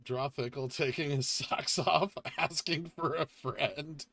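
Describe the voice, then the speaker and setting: A man's voice: on the high side, steady tone, slow pace, bright, forceful tone, no echo. A man hosting a casual livestream, reading viewer questions aloud and answering them, saying he is getting tired. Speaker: livestream host reading chat.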